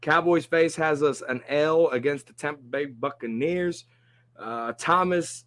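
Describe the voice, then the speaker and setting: A man with a fairly high voice hosts a live sports stream, talking in an animated way and reading out viewer comments. His voice is close and dry, with no room sound around it. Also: a little slow, dry recording. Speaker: sports show host.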